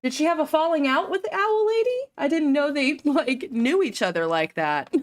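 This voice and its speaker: A woman's voice: high voice, animated, normal speed. A woman hosting reaction commentary, sarcastic and mocking toward the clip she reacts to. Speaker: commentary host.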